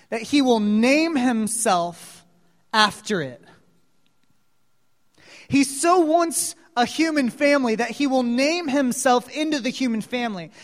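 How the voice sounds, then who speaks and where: A man with an extremely high-pitched voice preaches a dramatic storytelling sermon. He moves between hushed asides and loud exclamations and asks listeners questions, while the hall lends a long reverb.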